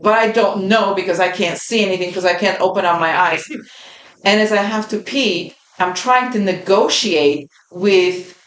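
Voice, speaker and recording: A woman's voice: mid-range voice, fairly bright tone. A woman host recounting a personal experience in an earnest, vivid way, repeating phrases for emphasis. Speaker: podcast host. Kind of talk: personal storytelling. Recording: roomy echo.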